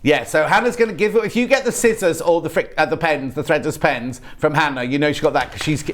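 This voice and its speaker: Chatty British shopping channel presenter. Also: male voice, on the high side, brisk. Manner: chatty, rambling sales patter with restarts. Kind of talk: live TV product demonstration. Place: TV studio.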